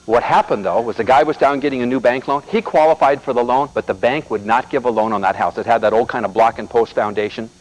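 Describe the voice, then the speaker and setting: A middle-aged American man delivers a motivational seminar at a brisk, rapid clip. His voice sits at an ordinary middle pitch, and he tells animated stories while calling out directly to the crowd in front of him. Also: poor audio. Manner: animated storyteller addressing the audience directly. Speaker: seminar speaker.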